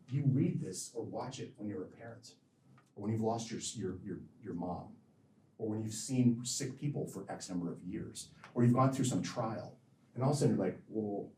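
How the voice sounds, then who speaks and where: A man with a low, mellow voice answers audience questions after a lecture, rambling, breaking off and repeating his words. He sounds far from the microphone in a roomy, echoing hall, with faint noise underneath. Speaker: physician giving a lecture.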